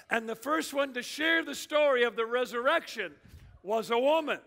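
A middle-aged man preaches a sermon in a high, bright voice, taking his time with each line. He swings from ringing shouts to hushed, dropped phrases. A long reverb from a large church hall trails his words. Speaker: pastor.

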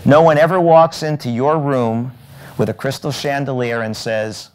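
A man's voice: medium pitch, fairly even intonation, moderate pace. A middle-aged man giving a keynote talk on stage at a conference, telling stories, acting out dialogue and checking in with the audience. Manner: storytelling, acts out dialogue, asks the audience "right?". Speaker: keynote speaker. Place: hotel event room, on stage.

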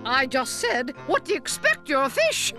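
A woman's voice: high-pitched, wildly swooping pitch, normal speed, music in the background, heavily acted. A woman voicing a zany talk-show hostess for pets with an over-the-top, swooping delivery. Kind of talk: children's TV puppet sketch.

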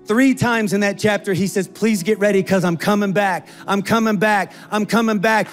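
High-pitched guy pastor preaching easter, acts out the voices, faint music in the back. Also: moderate pace, hardly any pauses. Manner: animated, acts out quoted voices. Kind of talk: sermon.

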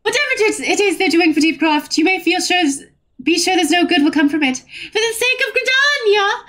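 A woman voicing a stern forest warden who briefs an adventurer in a slow, formal, lofty manner, with faint game music behind. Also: very high voice, animated, a bit bright. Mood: solemn briefing.

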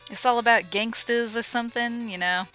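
A woman giving casual, joking commentary over a retro game she is playing, with sarcastic asides and excited yelps. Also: fairly high pitch, normal speed, clean tone, soft background music, poor audio. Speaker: let's play commentator. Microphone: home microphone.

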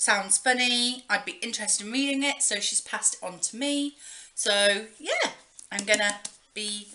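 Woman, young adult, beauty vlogger; leisurely, chatty delivery full of ums; bright, forward voice. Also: a little high. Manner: chatty and rambling, with many pauses and fillers. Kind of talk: casual show-and-tell chat.

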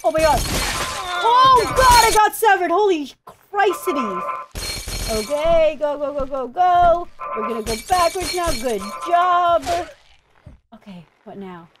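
A young woman commenting as she plays a video game, excitable, shrieking and groaning as she wins and fails. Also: very high-pitched, slow, loud music behind the voice. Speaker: gaming YouTuber. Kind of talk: let's play commentary.

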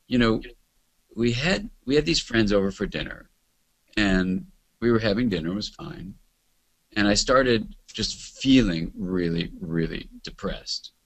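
A man doing a hushed old male client. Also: fairly low pitch, animated. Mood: sad. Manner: hushed, halting, searching for words. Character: elderly male therapy client, soft and tearful.

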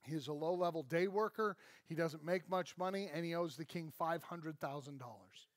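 A man's voice: on the high side, normal speed, dry recording. A man preaching a sermon in an emphatic, conversational way, often checking in with "right?". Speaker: pastor. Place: church.

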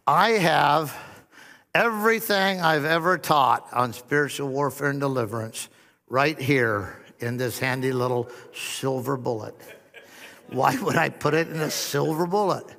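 Pastor preaching in a reverberant hall. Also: male voice, mid-range voice, a little slow, vocal fry. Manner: storytelling with humor and soft-spoken quoted dialogue. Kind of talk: sermon. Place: church hall.

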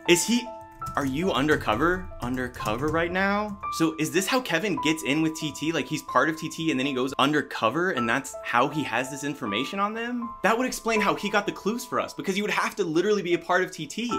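A man giving excited, animated commentary while playing a video game, often exclaiming and reading chat aloud. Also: a little high, fairly quick. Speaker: gaming YouTuber. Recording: music playing under the voice.

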